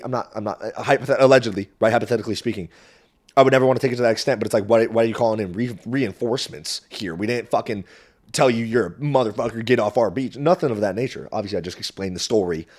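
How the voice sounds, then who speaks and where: A young man hosting a podcast, telling a story in a casual, animated way and swearing freely. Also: lowish voice, fast. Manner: animated, swearing, jumps into quoted voices. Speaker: podcast host. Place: small warm room indoors. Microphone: camera mic, solo recording.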